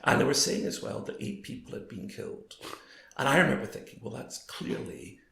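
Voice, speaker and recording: Man, fifties, hoarse, gravelly fry, anecdotal interview guest, echoey room. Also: mid-range voice, a little fast. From Scotland. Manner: anecdotal, quoting others in lively voices. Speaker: guest, former broadcaster. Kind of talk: storytelling in a casual interview. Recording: roomy echo.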